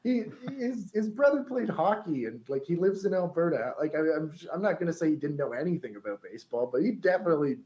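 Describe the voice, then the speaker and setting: A man's voice: a little high, big pitch swings, a little fast, hardly any pauses, mellow, highs cut off. A man co-hosting a podcast, telling a story in a chatty way, laughing often and reading quotes aloud.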